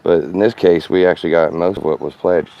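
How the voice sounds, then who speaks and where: Man, very low voice, forties, casual storytelling, rambling and self-correcting, dull muffled recording. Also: fairly even intonation, brisk, vocal fry. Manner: rambling, self-correcting, laughs at own stories. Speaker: former radio host.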